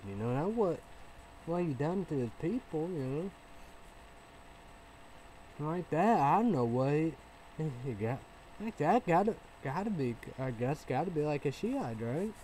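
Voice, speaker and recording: A man rambles through a casual vlog monologue. He repeats himself and trails off into fillers, swinging between low mumbles and loud bursts. A faint hiss runs under his voice. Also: poor audio. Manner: rambling, repetitive, with many fillers and restarts. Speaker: vlogger.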